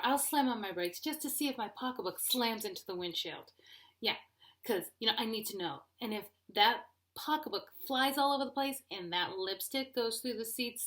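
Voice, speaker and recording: A middle-aged woman performing stand-up comedy, animated and playful. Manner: high-energy, animated, playful.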